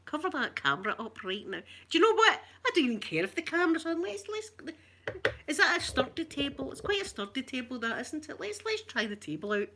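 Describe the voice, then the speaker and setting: A woman's voice: high-pitched, sing-song, brisk, fairly bright tone, slight background noise. A middle-aged Scottish woman chatting to her live-stream viewers, bawdy, flirtatious and full of stories. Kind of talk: casual live-stream chat.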